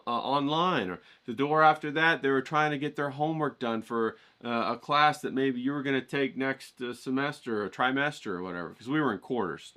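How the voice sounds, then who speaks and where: A man giving a casual, profane pep talk on his art vlog, energetic and full of "you know"s. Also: mid-range voice. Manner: energetic, swearing, pumped-up, lots of "you know". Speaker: art vlogger.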